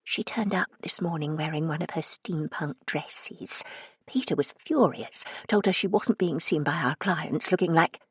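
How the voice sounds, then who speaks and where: A woman voicing a nervous young female shop assistant who talks in a hushed, hesitant voice, in an audiobook. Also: mid-range voice, sing-song, brisk, hardly any pauses, slightly rough, dry recording, studio quality. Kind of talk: audiobook character reading.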